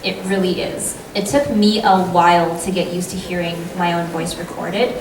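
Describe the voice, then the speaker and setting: A woman's voice: lowish voice, level tone, normal speed, noisy background. A woman voice actor on a convention panel, chatting about her craft and giving practical tips. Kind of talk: panel talk. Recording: echoey hall, mic from far off.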